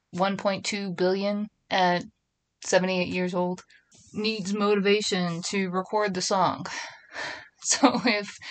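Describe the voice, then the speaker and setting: Middle-aged woman rambling on her podcast, chatty, laughs at herself, closet recording. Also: on the low side. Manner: chatty, rambling, self-deprecating. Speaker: podcast host. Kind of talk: casual solo podcast chat. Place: small closet at home. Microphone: phone and computer.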